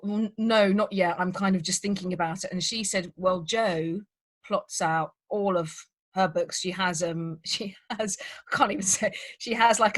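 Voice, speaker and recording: A woman with a mid-range voice leading a casual writers' panel over a video call. She tells anecdotes with plenty of ums and quick laughs. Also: mid-range voice, fairly bright tone. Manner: chatty, laughing, filler-heavy storytelling. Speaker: crime writer and panel host.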